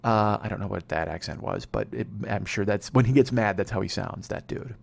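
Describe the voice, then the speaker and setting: A man's voice: fairly low pitch, sing-song, brisk, creaky. A man in his forties, a comedy podcast host telling a rambling, profane, sardonic story. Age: 40s.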